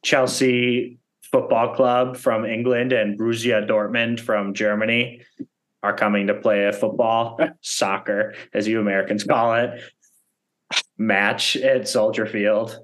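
A man's voice: lowish voice, flat delivery, a little slow. A man in casual podcast chat, joking and slipping into silly bits. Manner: jokey, drifts into silly voices and song. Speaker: podcast co-host.

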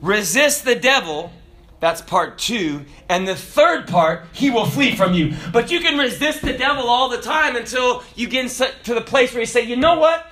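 A man preaching a sermon in an animated way, swinging from loud exclamations to hushed asides. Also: very high voice, normal speed.

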